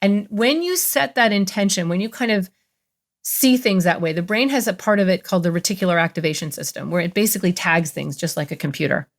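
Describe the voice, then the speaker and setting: A middle-aged woman, a therapist, telling stories as a guest in an interview in a lively, expressive way. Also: on the low side, a little fast. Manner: animated, expressive storyteller. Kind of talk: interview storytelling.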